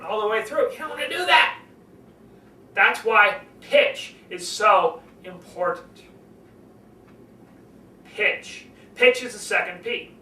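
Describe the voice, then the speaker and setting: An older man coaching public speaking, lively and animated, swinging his voice up and down to demonstrate. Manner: animated, demonstrates pitch swings, acts out conversations. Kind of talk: speaking lesson to camera. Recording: roomy, from a distance, faint noise.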